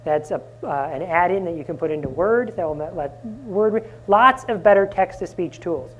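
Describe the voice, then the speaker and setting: A man presenting a live conference workshop, energetic and often asking the audience questions. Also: sits high, normal speed, highs cut off. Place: conference room.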